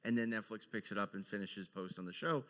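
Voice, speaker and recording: A man hosting a live podcast panel, asking guests long, measured questions full of "you know". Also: lowish voice, fairly bright tone, in a large hall. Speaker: podcast host. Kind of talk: panel moderation.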